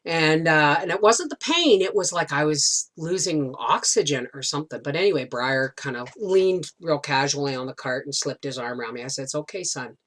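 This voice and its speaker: A middle-aged woman with a slightly low voice chats to camera, spinning a long, rambling story. She restarts her sentences often, as if talking with friends at the kitchen table. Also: animated, moderate pace, few pauses, a bit bright. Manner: chatty, rambling, many restarts. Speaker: homesteading vlogger.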